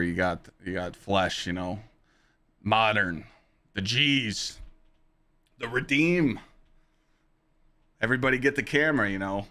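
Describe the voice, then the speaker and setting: Animated, profane man telling stories. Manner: animated, profane, jumps to high excited pitch when reliving moments. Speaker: podcast host and streamer. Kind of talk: casual storytelling to a live chat.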